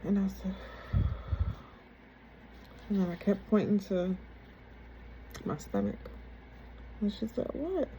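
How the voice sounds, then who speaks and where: A woman candidly retelling a personal story in a casual, halting, conversational way. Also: medium pitch, sing-song, warm tone, a little hiss or hum, rough recording.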